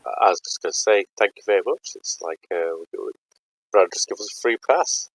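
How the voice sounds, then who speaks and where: A man playing in a tabletop game over a call, joking and quick to jump in. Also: lowish voice, animated, dry recording, rough recording. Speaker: player. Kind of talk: casual play over a call.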